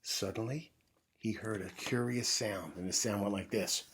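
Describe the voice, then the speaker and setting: A man reading a children's picture book aloud in a gentle storytime manner, pausing to explain things to young listeners. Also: fairly low pitch, slightly rough.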